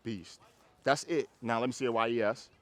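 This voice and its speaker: Man, dog trainer, casual coaching outdoors, animated, acts out scenes, mid-pitched voice. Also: brisk. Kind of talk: casual coaching on a group walk.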